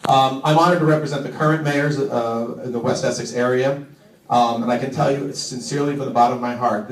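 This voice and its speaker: A man, a mayor, giving a tribute speech with lots of ums and self-deprecating humor. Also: medium pitch. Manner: halting, filler-heavy, self-deprecating humor. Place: banquet hall. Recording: echoey hall from far off.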